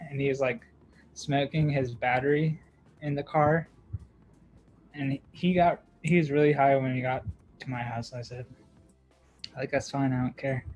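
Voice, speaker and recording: A young man with a mid-range voice, heard over poor audio, co-hosts a podcast and tells a long story in casual conversation. He fills it with lots of fillers, plenty of "like," and laughter.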